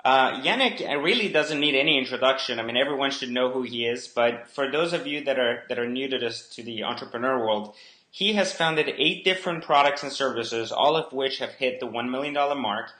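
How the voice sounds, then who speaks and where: A man's voice: medium pitch, brisk, pushed and bright. A man hosting an interview, asking friendly, filler-heavy questions. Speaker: interview host. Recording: roomy echo.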